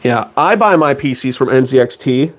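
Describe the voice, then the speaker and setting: Animated, joking young man streaming. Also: mid-range voice, moderate pace. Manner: joking, rambling, self-mocking. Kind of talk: casual live-stream chat.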